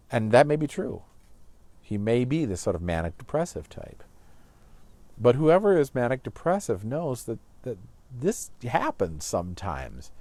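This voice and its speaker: A man giving a casual lecture on a play, talking in an animated way with stumbling repeats and frequent "right?". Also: lowish voice, no room sound.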